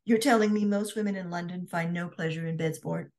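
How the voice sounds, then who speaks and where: A woman voicing a cocky young merchant man who goads and speaks bluntly, in her own low voice. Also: fairly even intonation, a little fast, darkish tone, lightly acted. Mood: goading. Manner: goading, blunt.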